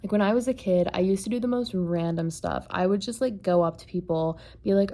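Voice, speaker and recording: A woman vlogger giving an earnest, soft-spoken reflective monologue, peppered with "like" and "kind of". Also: medium pitch, brisk, hardly any pauses.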